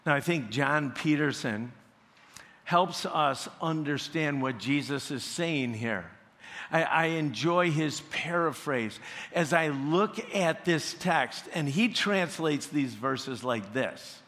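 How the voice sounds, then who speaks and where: Male pastor, sermon delivery, unhurried, echoing sanctuary. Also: a little high, animated, fairly bright tone. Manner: slow and deliberate, rising to emphatic peaks. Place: church sanctuary. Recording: long church reverb.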